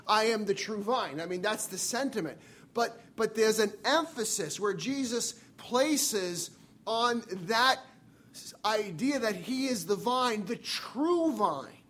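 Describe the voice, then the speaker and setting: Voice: mid-range voice, a bit bright. A preacher delivering a sermon in an earnest way, repeating key phrases for emphasis.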